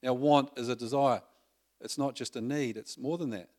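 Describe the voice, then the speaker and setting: A man's voice: medium pitch, steady tone, moderate pace, darkish tone. Conversational man preaching a sermon. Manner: conversational, asks the congregation questions.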